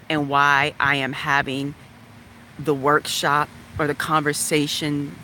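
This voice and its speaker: A woman from West Virginia frankly telling a personal story in a chatty, animated way. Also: low-pitched, a little hiss or hum. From West Virginia, USA. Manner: frank, animated, chatty, laughs now and then.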